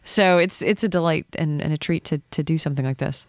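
Woman, middle-aged, low pitch, dry studio sound, effusive chat, slow measured poetry reading. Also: dry recording. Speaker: visiting poet, guest. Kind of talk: casual radio interview, then poetry reading. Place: radio studio.

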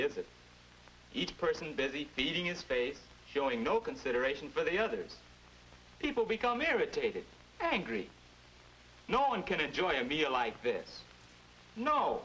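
A man's voice: fairly high pitch, pushed and bright, a little hiss or hum, rough recording. A young man playing a boy's earnest grown-up self in an old educational film, talking in an instructive way. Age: young adult. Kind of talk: 1950s educational film acting. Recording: old film soundtrack with music.

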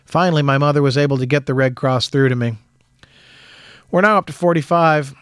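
A man reading a first-person wartime memoir aloud in a measured, matter-of-fact storytelling manner. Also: on the high side, fairly bright tone, no echo, studio quality.

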